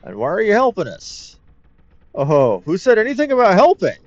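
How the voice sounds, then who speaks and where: With a high voice that swoops wildly in pitch, a man offers casual, chatty, wry let's play commentary packed with rambling asides at normal speed. There's no echo, but the lo-fi mic sounds dull and game music plays underneath.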